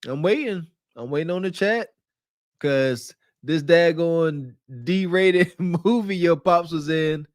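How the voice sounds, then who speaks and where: Man, podcast host, teasing reaction commentary, fairly high voice, dry close sound. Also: no room sound. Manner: teasing, incredulous, quick to laugh.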